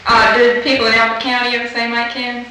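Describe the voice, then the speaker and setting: Patient woman interviewer, bright voice, echoey. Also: a little high, completely flat delivery, quick pace, distant mic. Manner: patient, prompting with fill-in questions. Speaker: dialect fieldworker. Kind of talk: structured elicitation interview. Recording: very echoey room, faint hiss, off-mic.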